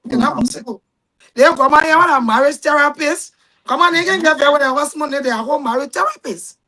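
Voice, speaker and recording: A middle-aged woman with a Liberian accent, a guest telling animated stories in casual talk and raising her voice for the people she quotes. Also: high voice, a little fast, rough recording. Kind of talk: casual storytelling.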